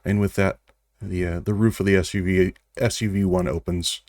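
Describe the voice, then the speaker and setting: A man with a notably low voice runs a tabletop game, describing the scene in a relaxed, wry way. The sound is dry and close, with no room around it. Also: normal speed, dry recording. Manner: relaxed, wry narration with small restarts. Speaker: game master.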